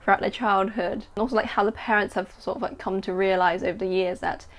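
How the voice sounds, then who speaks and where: A woman, chatting excitedly about her writing and reading aloud from her story. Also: medium pitch, fast. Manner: excitable, chatty, filler-heavy. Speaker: writer and vlogger. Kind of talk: casual chat and story reading.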